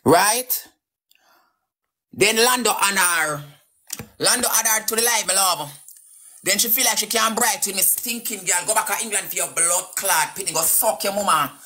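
A woman's voice: mid-range voice, moderate pace, sharp tone. A woman with a Jamaican Patois accent ranting angrily on a live stream, cursing and taunting, sometimes half singing her words. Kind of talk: angry live-stream rant.

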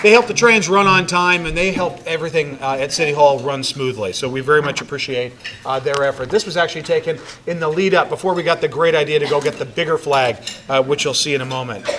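A man delivers a speech to a packed banquet room, his voice sitting a bit high. He talks loosely and jokes, and often stops on "uh" and "um". A faint hiss runs under the recording. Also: fast talker, pushed and bright. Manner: conversational and joking, with many fillers. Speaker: mayor giving a city address. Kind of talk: public speech to a crowd.

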